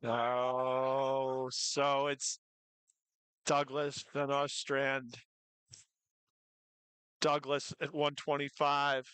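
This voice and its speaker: A meet commentator calling live weightlifting attempts, who cheers lifters on excitedly and drops jokey asides between lifts. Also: mid-range voice, drawn-out words, pauses often, smooth, dry recording, low-quality recording.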